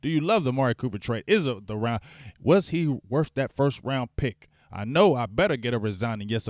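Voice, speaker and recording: A man's voice: mid-range voice, lively intonation, fairly quick, no room sound, clean studio sound. A man hosting a casual live sports fan stream. He rambles, gets hyped and calls out to the chat viewers. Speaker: fan show host.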